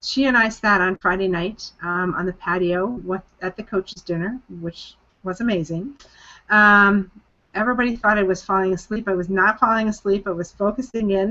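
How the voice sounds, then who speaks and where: A woman's voice: mid-range voice, fairly bright tone, highs cut off. A woman leading a group coaching call, speaking in an earnest, emphatic way and repeating phrases for stress. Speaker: coaching program leader hosting a group call. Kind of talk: motivational talk on a conference call.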